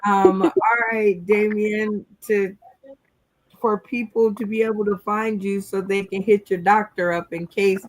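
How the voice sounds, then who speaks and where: A woman's voice: medium pitch, flat delivery, a little slow, no room sound. A woman hosting a casual online comedy game show, easygoing and chatty. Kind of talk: casual chat. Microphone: video call.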